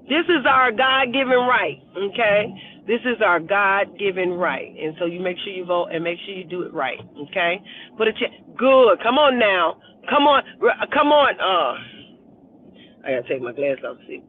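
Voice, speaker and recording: A woman's voice: medium pitch, animated, normal speed. A woman hosting a casual live stream, greeting viewers one by one by name and laughing often while urging them to vote. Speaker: livestream host. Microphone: phone camera held at arm's length. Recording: tinny phone-like audio.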